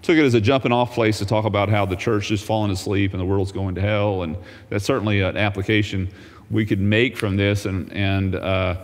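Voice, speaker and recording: A man's voice: fairly low pitch, fairly even intonation, brisk, in a large hall. A man teaching a Bible lesson as a pastor, folksy and humorous, reading scripture aloud.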